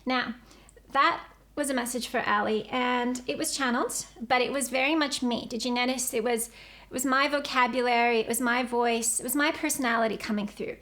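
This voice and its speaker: A woman's voice: a little high, fairly even intonation, normal speed, fairly bright tone. A woman teaching about channeling, earnest and repetitive as she explains things step by step. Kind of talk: explanatory spiritual teaching video.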